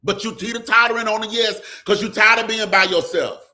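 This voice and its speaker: High-pitched preaching man with a bright voice. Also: steady tone, a little fast. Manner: call-and-response preaching, repeats "come on", slips into sung lines. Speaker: pastor hosting a live stream. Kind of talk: preaching, talking to viewers in the comments.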